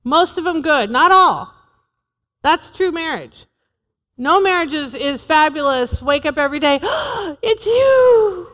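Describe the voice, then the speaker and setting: A woman's voice: high-pitched, unhurried, pushed and bright, long reverb tail. A woman in her forties preaching a sermon to a church, humorous and emphatic, repeating her points. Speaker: pastor's wife preaching.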